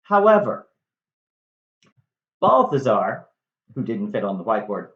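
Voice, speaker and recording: Slow, wry man retelling a play. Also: lowish voice, very animated. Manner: wry, conversational, jokey asides. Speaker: video host. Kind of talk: casual storytelling lesson. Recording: roomy, slightly dull recording.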